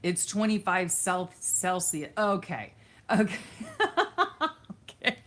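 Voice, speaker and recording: A woman's voice: fairly low pitch, slow pace, a bit bright. A woman from Florida, hosting a live stream and chatting casually with viewers, laughing often. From Florida, USA. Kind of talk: casual chat reading viewer comments.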